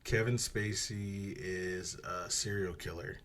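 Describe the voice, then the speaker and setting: A man co-hosting a podcast, casually retelling a movie plot in a rambling, animated way, swearing and acting out quotes. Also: deep voice, slow. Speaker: podcast co-host.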